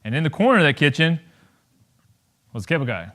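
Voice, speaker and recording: Man, 30s, campus talk, animated, jokey, acts out voices, slightly high voice. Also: fast. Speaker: guest speaker.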